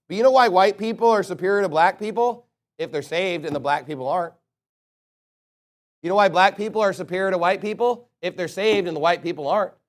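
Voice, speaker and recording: A male pastor delivering a combative sermon, pressing hard with one rhetorical question after another. His voice sits high for a man. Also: a bit bright. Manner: fiery, combative preaching with repeated rhetorical questions.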